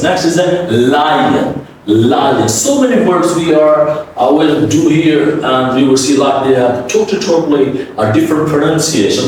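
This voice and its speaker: Male pronunciation coach, slow and deliberate, mic far off in a boomy room. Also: darkish tone, heavy reverb, a little hiss or hum. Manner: drills words aloud, coaxing with frequent "okay?". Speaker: English pronunciation teacher. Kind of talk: classroom pronunciation lesson.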